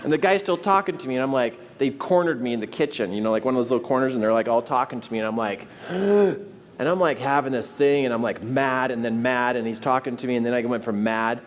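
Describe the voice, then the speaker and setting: A man telling a personal story with lively energy, acting out the voices of the people in it. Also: fast talker, a little hiss or hum. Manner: acts out voices in his anecdotes, jumping pitch and volume. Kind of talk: animated storytelling.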